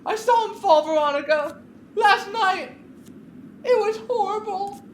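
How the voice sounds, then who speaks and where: Casting: woman playing a hysterical young woman, crying, high-pitched and loud, roomy echo. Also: a little slow, a little hiss or hum. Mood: accusing. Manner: screaming through tears. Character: distraught young woman, shrieking, sobbing, accusing.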